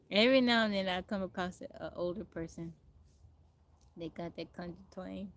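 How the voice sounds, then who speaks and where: A woman's voice: lowish voice, moderate pace. A young woman from Texas, chatting casually on a livestream from outdoors and laughing often. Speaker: livestream host. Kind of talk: casual chat. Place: outdoors in nature. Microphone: phone livestream.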